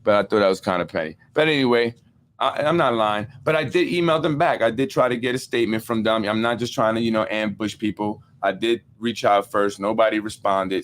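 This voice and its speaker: A man hosting a casual political podcast, talking in an animated way, repeating himself and using street-casual slang. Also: lowish voice, a little hiss or hum. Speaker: podcast host.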